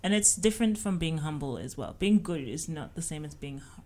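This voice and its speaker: A woman's voice: low voice, animated, brisk, a little mellow. A young woman co-hosting a casual podcast, thinking aloud and restarting her sentences. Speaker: podcast co-host. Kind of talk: casual chat.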